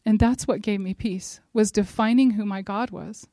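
A middle-aged woman giving a devotional talk at a church gathering, earnest and emphatic, building to forceful exhortation. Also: mid-range voice, fairly even intonation, moderate pace, no echo.

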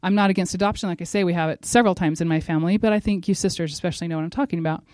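A middle-aged woman giving a religious devotional talk, telling a personal story in a lively way and speaking straight to her listeners. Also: lowish voice, rapid-fire, dry recording, clean studio sound. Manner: animated storyteller who acts out quotes and speaks directly to her listeners.

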